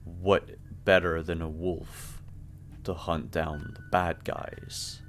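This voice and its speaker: A man's voice: deep voice, level tone, slow, a bit bright, a little hiss or hum, exaggerated voice. A man voicing a smug male corporate executive who speaks in a cold, condescending way during a tabletop game. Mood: pitching.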